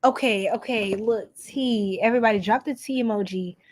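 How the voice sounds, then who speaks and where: A woman's voice: fairly high pitch, moderate pace. A woman hosting a live tarot reading for her stream, chatty and sassy, greeting viewers by name and exclaiming at the cards. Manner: animated, exclaims often.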